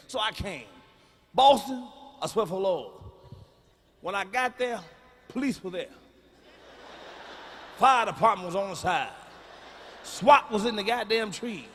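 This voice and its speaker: Loud, profane man doing stand-up in a hall. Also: high voice, lively intonation, normal speed, pauses often. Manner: loud, profane, hollering bursts. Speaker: stand-up comedian. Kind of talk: stand-up comedy set. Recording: live hall reverb with faint room noise.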